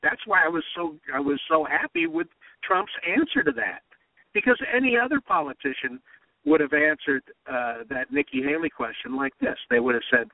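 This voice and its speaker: A man hosting political talk radio, talking emphatically and heating up to near shouts. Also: on the high side, big pitch swings, moderate pace, vocal fry, dry recording. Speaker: radio talk show host. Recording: tinny phone-line sound.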